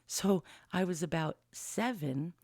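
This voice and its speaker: A woman's voice: fairly low pitch, slow, darkish tone, dry recording. A woman in her fifties telling a personal story in a candid, rambling way, with blunt swearing, into a studio mic with a pop filter. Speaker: vlogger.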